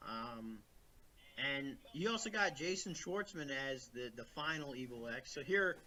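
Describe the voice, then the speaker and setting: On a poor-quality remote call, a man co-hosting a podcast rambles casually about movies, restarting often and leaning on fillers. His mid-range voice is bright and forceful, with lively intonation and an unhurried pace.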